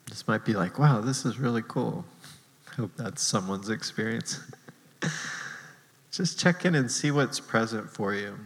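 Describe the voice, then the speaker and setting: A man's voice: mid-range voice, a bit bright, big-room sound, low-quality recording. A man preaching a sermon as pastor, casual and self-deprecating, laughing often between points.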